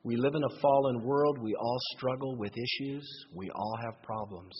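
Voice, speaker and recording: A pastor preaching a sermon, moving between lively emphasis and quiet asides. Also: male voice, medium pitch, normal speed. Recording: dull lo-fi recording in long-reverb hall.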